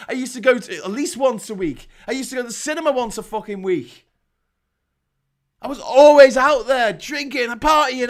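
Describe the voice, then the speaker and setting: A middle-aged British man with a high-sitting voice rants about politics and swears heavily. He keeps breaking into sarcastic mocking voices as he hosts his show. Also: fairly bright tone. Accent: British English. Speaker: host of a livestream rant show. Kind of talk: angry political rant.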